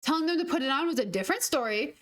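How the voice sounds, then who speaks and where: A woman's voice: sits high, animated, rapid-fire. A young woman streaming a game, chatting casually and telling stories with laughs and the odd swear. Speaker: gaming streamer. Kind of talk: casual storytelling while gaming.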